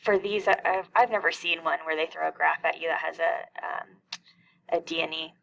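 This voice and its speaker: A woman's voice: low voice, steady tone, normal speed, vocal fry, fairly bright tone, rough recording. A middle-aged woman teaching a calculus lesson, explaining each step and asking questions that she then answers herself. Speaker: math teacher.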